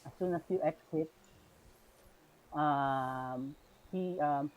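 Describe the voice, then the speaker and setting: A Filipino man running a tabletop game, narrating the action with plenty of ums and parangs as he switches between English and Tagalog. His voice sits a little high for a man. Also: slow, a little mellow, poor audio. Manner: narrates with many fillers, mixing English and Tagalog. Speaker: game master.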